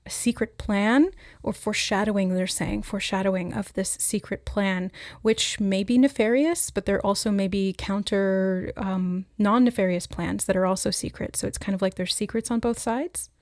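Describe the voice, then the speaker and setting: A woman giving a spontaneous spiritual reading, musing aloud with hesitant pauses as she relays what she senses. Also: mid-range voice, darkish tone, no room sound, clean studio sound. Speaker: intuitive oracle reader.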